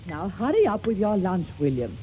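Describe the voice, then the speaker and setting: A woman's voice: medium pitch, big pitch swings, moderate pace, close to an everyday voice. A woman playing a patient middle-aged mother who scolds mildly and soothes, in an old radio play. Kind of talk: 1940s radio acting. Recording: muffled old radio recording with faint hiss.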